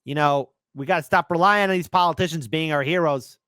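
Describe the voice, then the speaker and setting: A man's voice: on the high side, brisk, fairly bright tone, no room sound. A man hosting a political commentary stream, reading news articles aloud and breaking in with sarcastic remarks. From United States.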